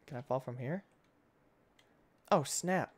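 Excitable man narrating his gameplay. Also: mid-range voice, takes it slowly. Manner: excitable, jumps between loud outbursts and hushed muttering. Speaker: gaming channel host. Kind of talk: casual let's-play commentary.

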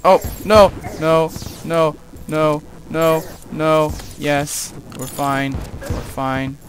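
A young man commenting on his own gameplay as he plays, muttering to himself and yelling taunts at enemies. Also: a little high, little pitch movement, very slow, a little hiss or hum. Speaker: let's play gamer. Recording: game music loud behind the voice.

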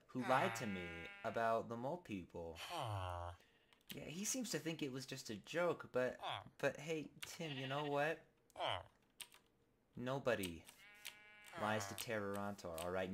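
A man giving goofy, rambling, mock-dramatic commentary while playing a video game, with sudden bursts of shouting. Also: medium pitch, expressive, unhurried, long pauses. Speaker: gaming video host. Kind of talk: comedic Let's Play commentary. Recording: noisy home recording with keyboard clicks.

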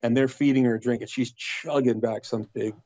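A man telling a story as a podcast guest, in a lively way that acts out the other people's lines. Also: medium pitch, fairly quick, dry recording. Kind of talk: casual anecdote. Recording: dull lo-fi dry recording.

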